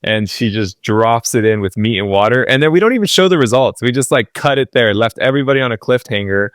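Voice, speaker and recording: A man who co-founded a company, a podcast guest explaining things step by step in a relaxed, casual way. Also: mid-range voice, fast, no echo, clean studio sound. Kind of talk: casual interview chat.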